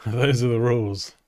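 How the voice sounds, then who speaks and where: A man's voice: mid-range voice, darkish tone. A British man hosting a livestream, chatting casually and joking, often laughing. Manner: jokey, laughs a lot, drifts into silly accents. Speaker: livestream host.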